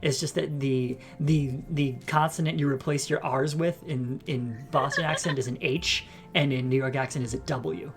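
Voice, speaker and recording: A man's voice: medium pitch, fairly even intonation, normal speed, hardly any pauses, music in the background. A man hosting a let's play, reading game text aloud with playful, jokey asides.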